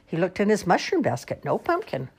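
A woman reading children's picture books aloud in an expressive, sing-song storytelling manner. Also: lowish voice, a little fast, vocal fry, slightly rough.

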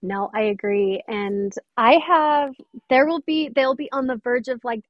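A woman's voice: fairly high pitch, measured pace, no echo, dull audio. A woman mentor talking earnestly and emphatically in an interview. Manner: earnest, emphatic, quotes others often. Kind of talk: interview conversation.

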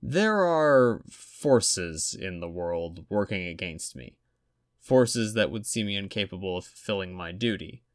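A man's voice: low voice, expressive, measured pace, dry recording, clean studio sound. A man reading a story aloud and voicing a guarded, solemn boy wizard. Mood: grave. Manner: guarded, grave. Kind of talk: audiobook reading.

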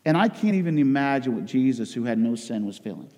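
A man preaching a sermon as pastor, swinging between loud emotional outcries and hushed intensity. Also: mid-range voice, sing-song, fast talker, in a large hall.

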